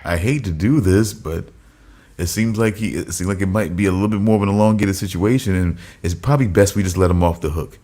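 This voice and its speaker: A man's voice: low-pitched, a little fast, dark tone. A man co-hosting a casual podcast chat, thinking aloud and circling back through restarts as he works out his point. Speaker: podcast co-host.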